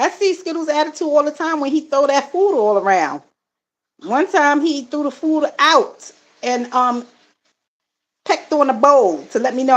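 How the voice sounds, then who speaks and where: A middle-aged woman with a somewhat high voice is talking loosely on a live stream. She reads viewers' comments aloud, answers them, calls the viewers family and fills her pauses with "um" and "mm-hmm". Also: low-quality recording. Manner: addresses viewers as family, frequent fillers. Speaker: live-stream host and card reader. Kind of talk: casual live-stream chat.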